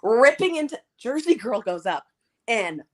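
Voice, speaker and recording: Female livestream guest, giggly storyteller, lively pitch. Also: measured pace. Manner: giggly, animated, acts out quotes. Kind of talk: casual storytelling chat.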